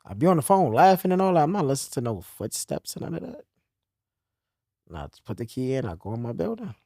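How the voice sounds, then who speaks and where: Young new guy telling a story, pitch all over the place, dry close sound. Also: fast talker, gravelly, no echo. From New York. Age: young adult. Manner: animated storytelling, swings from low and quiet to loud. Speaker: podcast guest telling his story. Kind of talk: casual conversation.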